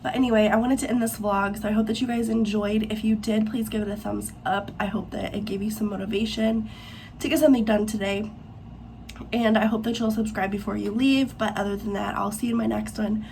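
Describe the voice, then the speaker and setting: A woman's voice: mid-range voice, little pitch movement, fairly quick, darkish tone, a little hiss or hum. A young woman from Missouri, talking casually and rambling a bit as she vlogs at home, filmed on a phone propped in her bathroom. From Missouri, USA. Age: 20s. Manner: chatty, rambling with many fillers. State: out of breath. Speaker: vlog host. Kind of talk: casual vlog voice-over and talking to camera. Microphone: phone propped in a cabinet.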